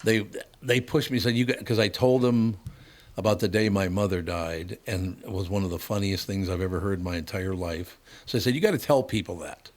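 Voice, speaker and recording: An older man hosting a chatty radio show, voice sitting low and easy. he spins a long anecdote and keeps laughing at his own punchlines. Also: fairly quick. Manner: storytelling, chuckles through his punchlines. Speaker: host. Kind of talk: casual radio talk show chat.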